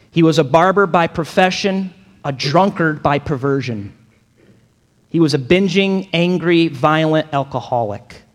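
A man's voice: a little high, big-room sound. A man preaching a sermon as a pastor, dynamic and emphatic, acting out quotes and building to strong peaks.

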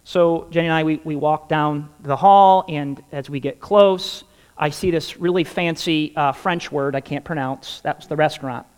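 High-voiced pastor telling a funny story. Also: male voice, moderate pace, a little mellow, smooth, long reverb tail. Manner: humorous storytelling, acting out dialogue. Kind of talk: sermon with a personal story.

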